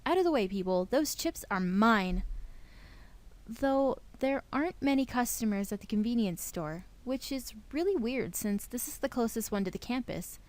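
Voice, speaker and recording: A young woman hosts a let's play, reading a visual novel's narration aloud with playful expressiveness. Her voice is on the high side and moves at a normal speed.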